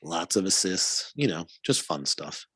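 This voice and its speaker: A man in a casual podcast chat, telling stories in an animated way, swearing and laughing often. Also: low-pitched, measured pace, husky, no room sound. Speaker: podcast co-host.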